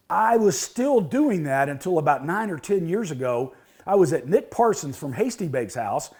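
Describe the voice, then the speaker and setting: A man's voice: sits high, darkish tone. A man in his fifties, hosting a cooking show and telling a folksy story as a cooking tip. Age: 50s.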